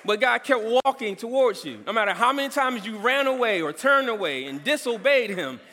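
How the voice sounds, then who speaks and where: A man preaching a sermon as pastor, emphatic, calling out some lines loudly. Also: very high voice, lively intonation, brisk, hardly any pauses, in a large hall.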